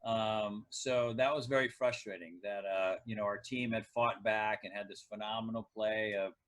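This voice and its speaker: A man's voice: fairly low pitch, steady tone, normal speed, fairly bright tone, rough recording. A middle-aged man and former pro kicker turned coach, a guest in a casual podcast interview, telling long reflective stories from sport. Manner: reflective, tells sports anecdotes at length.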